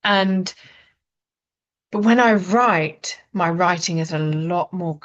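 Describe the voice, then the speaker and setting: A woman's voice: on the low side, takes it slowly. A woman from Britain, an author and writing coach, talking casually and rambling with many fillers and restarts. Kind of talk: casual spoken talk. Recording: dull lo-fi sound.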